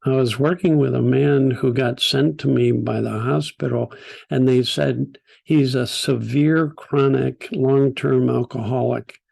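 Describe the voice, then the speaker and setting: An older man teaching a group, telling stories in a gentle, unhurried way with soft laughs. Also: medium pitch, steady tone, creaky, slightly rough. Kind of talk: storytelling talk.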